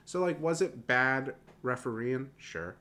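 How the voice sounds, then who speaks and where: A young man with a Southern American accent, co-hosting a casual sports podcast, animated and dropping the g on his -ing words. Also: medium pitch, a little slow. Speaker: podcast co-host.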